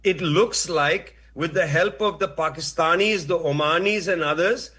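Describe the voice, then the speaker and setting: A man giving measured political analysis in a played clip, speaking deliberately with filler pauses. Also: fairly high pitch, sharp tone, husky.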